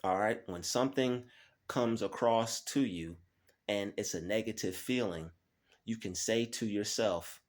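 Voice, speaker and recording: This man runs a channel and gives motivational self-help talks. His voice sits on the low side, and he keeps checking in with "all right?" while slowing to highlight key phrases.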